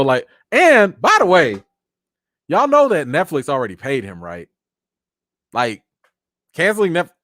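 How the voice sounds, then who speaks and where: A man's voice: on the high side, no room sound, studio quality. Tired, chatty male live-stream host. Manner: animated, chatty, thanks viewers by name. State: tired, voice wearing out. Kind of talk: casual live chat reading comments.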